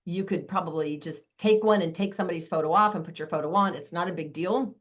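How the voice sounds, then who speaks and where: A woman giving a live online sales training, talking fast with a lot of energy over a video call. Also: on the low side, a bit bright, dull audio.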